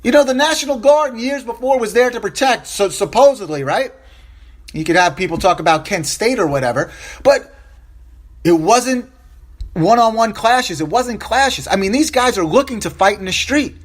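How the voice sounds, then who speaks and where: A man's voice: high voice, expressive, normal speed. A man hosting a solo opinion podcast, upset and impassioned, repeating phrases for emphasis and stumbling over restarts. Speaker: podcast host.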